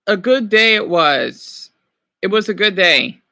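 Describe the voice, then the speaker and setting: An excitable man chatting on a stream, his voice bright and tense as he reads questions aloud. His pitch swings widely from line to line, and he breaks in with quick exclamations and replies to his chat. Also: gravelly. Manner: animated, exclaiming, talking back to chat. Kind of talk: casual reactive chat, reading quiz questions aloud.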